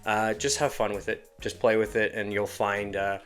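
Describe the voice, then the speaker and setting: A man's voice: fairly low pitch, little pitch movement, normal speed, fairly bright tone. A man, an animator and show creator, explaining his voice work in a casual, rambling tutorial. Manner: casual, rambling, self-deprecating. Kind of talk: tutorial walkthrough.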